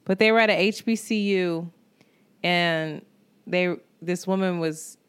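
A woman co-hosting a podcast, chatting casually with plenty of swearing. Her voice sits a little low and sounds smooth and clear. She speaks frankly and loosely, like a friend talking. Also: measured pace. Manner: candid and profane, with frequent laughs. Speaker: podcast co-host.

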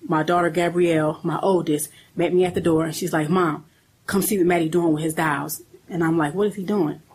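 A woman's voice: fairly low pitch, fairly even intonation, fairly quick, darkish tone, breathy edge. A woman giving blunt, emotional testimony in a courtroom, cursing often as she talks. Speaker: defendant speaking in court.

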